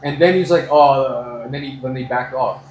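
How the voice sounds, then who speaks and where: A man's voice: mid-range voice, brisk. American guy telling a story, swears a lot, echoey room, faint hum behind. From United States. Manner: animated storyteller, swears freely. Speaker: customer getting a haircut. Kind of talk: casual chat, storytelling.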